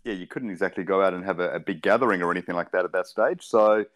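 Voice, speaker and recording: A man, a sports broadcaster guesting on a casual podcast, speaking in a relaxed, articulate and measured way. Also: low voice. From born in South Africa, raised in Perth.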